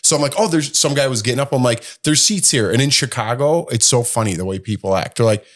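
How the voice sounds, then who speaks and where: A middle-aged man co-hosting a podcast, telling stories in an animated, grumbling, exaggerated way. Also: medium pitch, quick pace. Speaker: podcast co-host. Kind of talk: casual chat.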